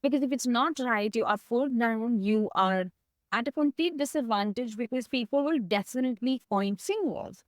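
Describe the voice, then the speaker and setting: A woman speaking in a candid, heartfelt way about her own past, reflective and emotional, her voice close to tears at times. She sits a little high for a woman. The sound is dry and close, with no room around it. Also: expressive, moderate pace, no echo. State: tearing up. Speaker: guest. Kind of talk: candid personal conversation.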